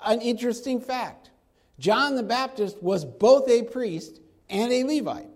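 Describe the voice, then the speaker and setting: A man's voice: extremely high pitch, unhurried. A man teaching through a Bible passage in a conversational sermon, now and then acting out the quoted speakers in casual slang. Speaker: preacher.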